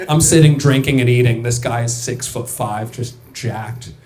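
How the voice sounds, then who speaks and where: A man's voice: mid-range voice, unhurried, a little mellow. Young male comedian, loose chatty crowd work, reverberant room. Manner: loose, chatty, laughing through punchlines. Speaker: stand-up comedian. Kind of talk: stand-up set with crowd work. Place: comedy club stage.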